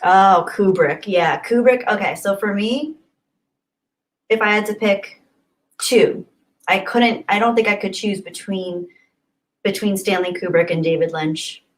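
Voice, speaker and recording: A woman's voice: medium pitch, unhurried, low-quality recording. A young woman hosting a livestream, reading chat messages in a bubbly, effusive way and often laughing. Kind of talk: casual live-stream chat.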